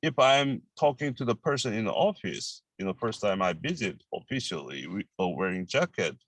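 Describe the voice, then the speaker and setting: A man with a Korean accent, whose first language is Korean, teaching a language lesson and repeating each phrase slowly, with halting English. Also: fairly low pitch, very animated, a bit bright, dry recording.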